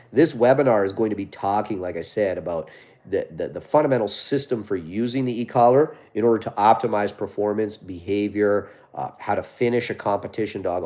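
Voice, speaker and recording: A man with a fairly low voice answers viewer questions on a live stream. He speaks casually and conversationally, like a trainer explaining his methods, and keeps checking in with a quick "right?". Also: dark tone. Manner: conversational, reads viewer questions aloud and answers, often ends points with "right?". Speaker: dog trainer hosting a live Q&A.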